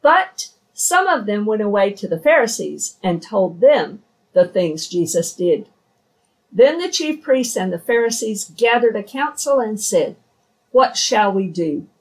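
Slow, measured woman reading scripture. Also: mid-range voice, sing-song, far from the mic, poor audio. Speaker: scripture reader.

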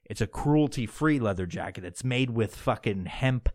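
A man's voice: medium pitch, animated, moderate pace, a little mellow, no echo, studio quality. A man hosting a comedy podcast, rambling through an improvised story with constant swearing and chuckles. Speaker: podcast host.

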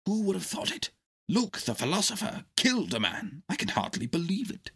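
A man voicing a kindly, fretful country doctor in a storybook reading, husky and gentle. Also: high-pitched, huge pitch swings, moderate pace, pitched above the performer's own voice, full character voice. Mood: worried. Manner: gentle, exclaiming.

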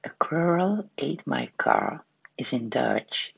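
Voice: medium pitch, animated, takes it slowly, creaky, slight background noise. A caller leaving a friendly message for a podcast host. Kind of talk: recorded call-in message. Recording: dull lo-fi call recording.

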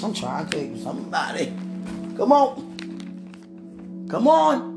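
A woman preaching a sermon with passion, rising to shouts and calling on the congregation. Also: fairly low pitch. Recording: echoey room with faint music.

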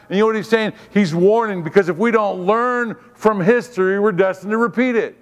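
A man's voice: high-pitched, brisk, hardly any pauses, in a large hall, muffled recording. A man giving a sermon as a guest preacher, fervent and repetitive, calling on the congregation to respond. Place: church.

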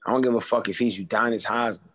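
A man's voice: fairly low pitch, steady tone, fast, fairly bright tone. A man talking sports in a casual podcast chat, hyped up, slangy and profane.

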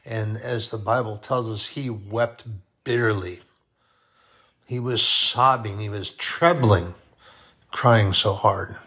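A man preaching a sermon, deliberate and repeating key phrases for emphasis. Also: lowish voice, steady tone, fairly bright tone.

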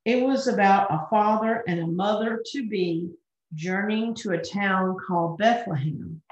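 A woman reads a children's story aloud at a slow, gentle pace, with expressive narration. Her voice sits at a middle pitch. The recording sounds roomy and a little muffled.

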